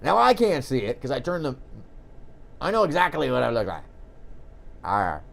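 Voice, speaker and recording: A man's voice: medium pitch, wildly swooping pitch, moderate pace, vocal fry. A man hosting a call-in commentary show, rambling and joking with frequent restarts. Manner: rambling, jokey, restarts often. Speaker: show host.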